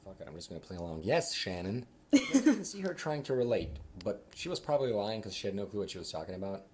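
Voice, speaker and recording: A man's voice: fairly low pitch, fast. Brief: dry, mocking man from Switzerland, casual story, faint hiss. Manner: deadpan, mocking. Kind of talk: casual anecdote.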